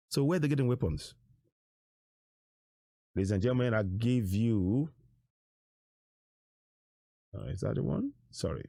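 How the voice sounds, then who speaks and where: A man's voice: fairly low pitch, creaky, dark tone, husky, dry recording, clean studio sound. A man giving emphatic online commentary on material shown on screen, repeating his rhetorical questions and phrases. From Nigeria. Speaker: political commentator.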